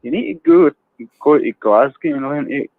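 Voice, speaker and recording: A man calling in to a live stream, blunt and quick to laugh. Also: a little high, huge pitch swings, creaky, no room sound. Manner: blunt, laughs often, swears habitually. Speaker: caller. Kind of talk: casual chat on a phone line. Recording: dry tinny phone line.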